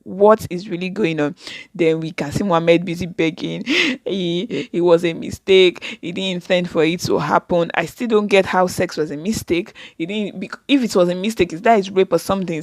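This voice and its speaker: The recording is dry and her voice sits lowish as she recaps an episode for her reaction video. Talking straight to the viewers she calls "guys," she brings scenes to life by voicing the characters' quoted lines.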